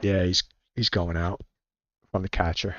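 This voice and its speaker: A man talks his way through a solo tabletop baseball game, reading out dice numbers and stopping now and then to check his sheets. He speaks in a relaxed, halting way, muttering half to himself. The recording is dry and somewhat muffled, with no room sound. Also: low-pitched, no room sound. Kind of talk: casual play-by-play while rolling dice.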